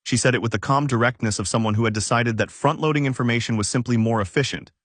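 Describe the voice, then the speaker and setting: Male storyteller, mid pitch, steady even read, dry close recording. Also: quick pace, no room sound. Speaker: narrator. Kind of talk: scripted story narration.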